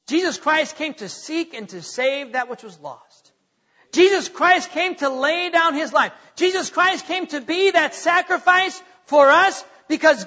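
A man's voice: very high-pitched, measured pace, pushed and bright. A man preaching as pastor of a church, earnest and repeating his words as he questions the congregation. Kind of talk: sermon. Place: church sanctuary. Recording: dull, muffled recording with long hall echo.

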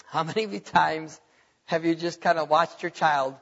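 A man preaching a sermon in a lively, animated way, laughing at his own stories and reading scripture aloud. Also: on the high side, moderate pace, creaky, dull audio. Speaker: pastor.

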